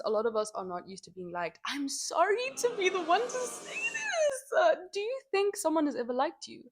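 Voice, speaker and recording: A young Zimbabwean woman vlogging her frank opinions, animated and slangy, now and then slipping into Shona at home. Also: a little high. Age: young adult. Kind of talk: candid opinion vlog. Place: home, by a window.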